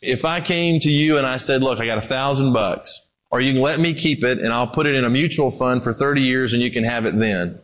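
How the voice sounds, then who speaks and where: A man preaching a sermon in a conversational way, moving between loud emphasis and quiet, low passages. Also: a little fast, rough recording.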